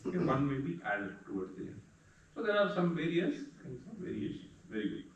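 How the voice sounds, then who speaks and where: A man lectures a class at an unhurried, patient pace. He breaks into slow chanting now and then, and his voice reaches the mic from a distance. The room rings with heavy echo. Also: mid-range voice, very animated. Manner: explains patiently, chants verses slowly. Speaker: teacher. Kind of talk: lecture on Sanskrit meter.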